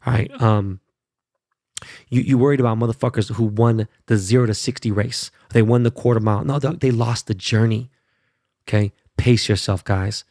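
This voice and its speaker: A man's voice: fairly low pitch, creaky, a little mellow, dry recording, studio quality. A man hosting his own podcast, talking bluntly and profanely in a fired-up casual monologue, often tagging lines with "right?" and "okay?". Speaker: podcast host.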